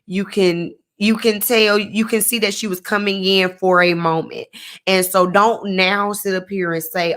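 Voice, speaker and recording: A woman's voice: mid-range voice, fairly even intonation, normal speed, fairly bright tone. A woman casually recapping a reality TV episode in a sassy, chatty way, full of slang asides. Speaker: TV recap reviewer.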